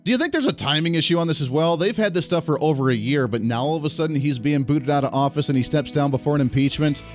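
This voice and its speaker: A man's voice: fairly high pitch, lively intonation, fast, faint music behind. A man hosting a political talk radio show in a casual, sarcastic way, laughing at his own jokes.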